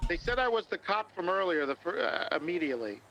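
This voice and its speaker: A man's voice: high-pitched, very animated, quick pace, a bit bright, muffled recording, a little hiss or hum. Matter-of-fact man in undercover role-play. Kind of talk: in-character role-play chat.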